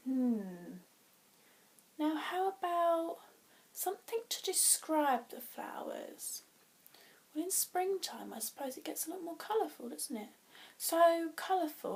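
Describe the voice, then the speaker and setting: A young woman speaks as a teacher modelling a lesson for young pupils. Her voice sits high, and she takes her time, thinking out loud and counting out syllables one by one. Now and then she drops to a whisper as she tries words out for herself.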